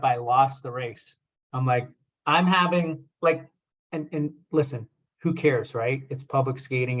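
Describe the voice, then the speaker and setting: A young man, a chiropractor, giving a casual talk and telling a self-deprecating story with lots of fillers. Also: medium pitch. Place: presentation with slides.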